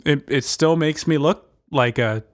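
A man's voice: fairly high pitch, measured pace. A man co-hosting a casual comedic chat, rambling into goofy digressions with lots of fillers. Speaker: podcast co-host.

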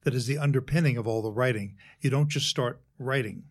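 A man who works as a speechwriter, talking in a measured, explanatory way in an interview and walking through worked examples. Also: medium pitch. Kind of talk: conversational interview.

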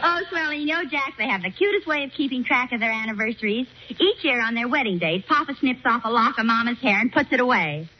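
A woman's voice: on the high side, fast talker, hardly any pauses, breathy edge. Wisecracking woman in vintage radio comedy. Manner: wisecracking, deadpan punchlines. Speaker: comedy show regular. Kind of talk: 1940s radio comedy acting. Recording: dull vintage radio recording with hiss.

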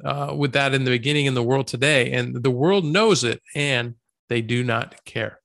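A man co-hosting a faith podcast, speaking in a measured way and steering the conversation. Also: mid-range voice, creaky, fairly bright tone. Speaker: podcast co-host. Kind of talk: casual faith discussion.

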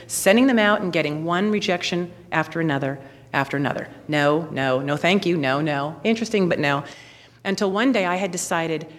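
A woman in her forties giving a lively personal testimony, acting out the voices of people in her story. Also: on the low side. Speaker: speaker telling her faith story. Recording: long reverb, hall.

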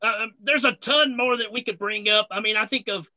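High, bright-voiced man telling stories. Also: brisk, low-quality recording. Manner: animated storyteller. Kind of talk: casual chat and joke telling.

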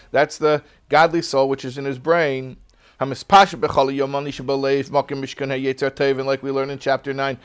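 A man's voice: mid-range voice, smooth. A man teaching a religious text class in a casual, joking storytelling manner.

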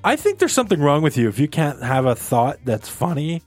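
An animated man chatting with friends on a podcast, his voice rising and falling widely. He sits slightly high for a man, with faint music under the talk. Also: a little fast. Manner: animated, imitates laughs. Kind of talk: casual chat.

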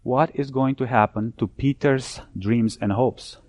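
A man preaching a sermon, building his points through repeated phrases and dropping low and soft when he cites scripture. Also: measured pace.

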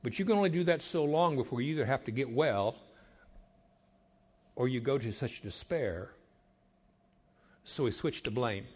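An older man, a marriage counselor, gives an emphatic sermon-like talk to young people, building repeated phrases and sometimes dropping to a hush. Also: medium pitch, expressive, normal speed, pauses often, slightly rough. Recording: long hall reverb.

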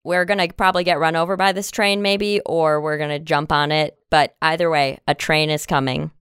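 A woman's voice: deep voice, fairly even intonation, fairly quick, fairly bright tone, clear, resonant tone, no echo, clean studio sound. A woman hosting a podcast who interviews her father in a teasing, giggly way. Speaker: podcast host. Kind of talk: casual chat.

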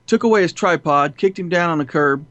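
A man telling stories in an interview, animated and profane, often laughing. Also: on the high side, brisk, dry recording. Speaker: filmmaker guest. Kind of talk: storytelling interview.

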